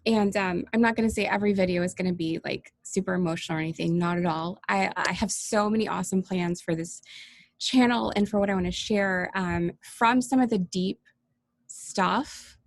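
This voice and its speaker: Earnest woman with a gravelly edge. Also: mid-range voice, dry recording, studio quality. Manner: earnest, emotional, pausing often. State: teary-eyed. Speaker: life coach and YouTuber. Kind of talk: personal welcome vlog.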